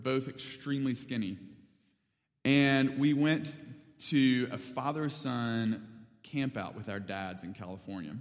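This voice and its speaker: Man preaching in a reverberant hall. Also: mid-range voice. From North Alabama. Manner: casual, animated storyteller with many fillers. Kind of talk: sermon storytelling.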